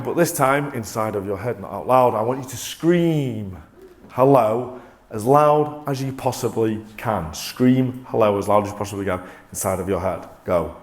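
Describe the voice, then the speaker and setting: A man presenting a motivational talk to a live audience, energetic and coaxing, often restarting mid-sentence. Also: mid-range voice. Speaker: corporate presenter.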